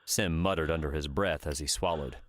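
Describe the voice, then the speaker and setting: A man reading an audiobook in scripted narration, steady and even. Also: very deep voice, fairly quick, no echo, clean studio sound.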